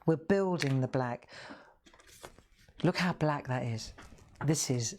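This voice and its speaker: A woman's voice: extremely low pitch, slow, long pauses, a little mellow, a little hiss or hum. A middle-aged woman hosting a live colouring demonstration, chatty and encouraging as she talks straight to viewers. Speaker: craft show host.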